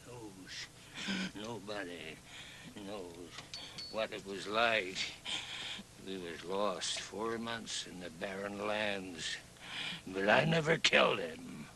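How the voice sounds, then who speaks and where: An actor playing a wild, menacing lone trapper in a filmed drama, swinging between threats and hushed confession. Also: male voice, lowish voice, exaggerated voice. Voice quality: gravelly, threatening then hushed. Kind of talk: film drama acting.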